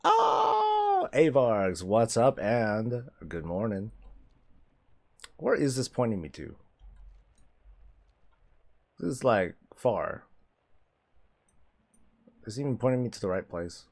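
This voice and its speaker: Lively low-voiced man streaming a game. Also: slow, long pauses. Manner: animated, swears freely, laughs often. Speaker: streamer host. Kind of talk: casual gameplay commentary.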